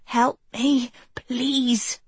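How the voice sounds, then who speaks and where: A desperate deposed queen, panting and pleading in a low, hushed voice, as a woman reading a story puts her on. Her tone is husky and breathy, and her words come slowly. The recording is dry and close. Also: flat delivery, dry recording, full character voice. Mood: pleading whisper.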